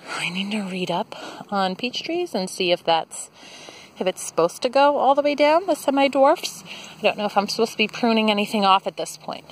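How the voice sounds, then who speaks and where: Young woman walking around her yard with a camera, kinda breathy, unhurried, gets excited about her plants. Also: mid-range voice, a little hiss or hum. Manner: chatty, enthusiastic about plants. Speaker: garden vlogger. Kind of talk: casual walking garden tour. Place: outdoors in a home garden. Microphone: handheld camera mic.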